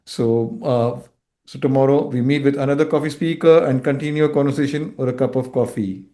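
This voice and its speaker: A man hosting an interview show, asking brisk quick-fire questions and closing with a scripted sign-off. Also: medium pitch, steady tone, dark tone. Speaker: show host.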